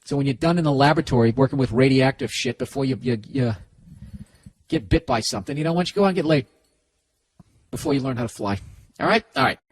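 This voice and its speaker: A man's voice: medium pitch, animated, quick pace, long pauses. A middle-aged man with a Boston accent, hosting a comedy podcast and giving sarcastic, profane, rambling advice full of restarts.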